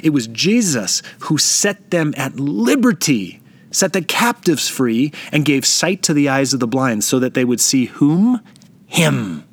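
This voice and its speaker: A man's voice: mid-range voice, big pitch swings. Man preaching an earnest, reflective sermon. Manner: reflective, emphatic, slows down on key phrases.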